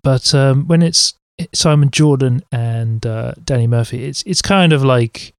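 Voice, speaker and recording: A man's voice: medium pitch, a little slow, no room sound, studio quality. A man co-hosting a podcast, chatting in a blunt, jokey way, often trailing off and repeating himself. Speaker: podcast co-host. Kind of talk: casual chat.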